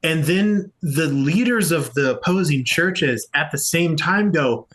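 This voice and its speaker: A man's voice: a little high, animated, unhurried, few pauses, fairly bright tone. A man running a tabletop game as game master, narrating with loose, rambling phrasing and frequent restarts and laughter.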